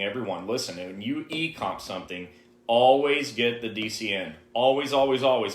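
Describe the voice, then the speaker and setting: A man's voice: mid-range voice, fairly bright tone. A man co-hosting a live-stream Q&A, giving direct, emphatic advice to viewers. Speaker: co-host answering viewer questions. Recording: roomy, echoey live stream.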